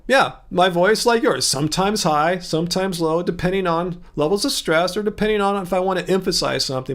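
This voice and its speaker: A man's voice: sits high, creaky, fairly bright tone. A man with a Southern Californian accent hosting a livestream, chatting casually and rambling, laughing easily. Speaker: livestream host.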